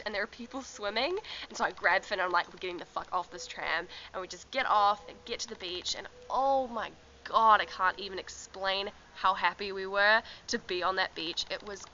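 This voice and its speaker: A woman's voice: mid-range voice, normal speed, bright, forceful tone, highs cut off, slight background noise. Chatty young woman vlogging on a camera. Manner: chatty storytelling, laughing often, many ums and likes. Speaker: travel vlogger. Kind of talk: casual travel vlog. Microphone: handheld camera.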